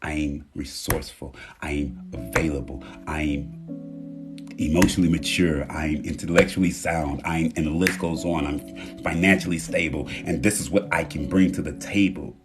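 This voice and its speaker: A man's voice: a bass voice, normal speed, over music. A man from Houston, Texas, talking casually and candidly on a phone live stream, emphatic and swearing freely. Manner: animated, emphatic, candid with profanity.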